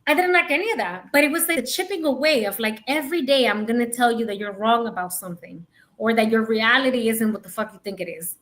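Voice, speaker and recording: High-pitched woman co-host, frank and emphatic in relaxed conversation. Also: fast. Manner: frank, emphatic, laughs often. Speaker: podcast co-host. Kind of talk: candid casual chat.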